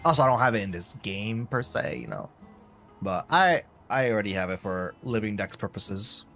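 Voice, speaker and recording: A man's voice: fairly low pitch, big pitch swings, moderate pace, vocal fry, a bit bright, faint music behind. A man live-streaming a video game, chatting casually and rambling to his viewers. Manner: chatty, rambling, talks to chat. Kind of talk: casual gameplay commentary.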